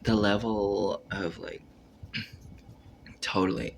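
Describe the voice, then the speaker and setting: A man's voice: mid-range voice, expressive, moderate pace, fairly bright tone. A man rambling through a casual monologue on camera, full of filler words, acting out his own reactions and trailing off mid-sentence. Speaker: vlogger.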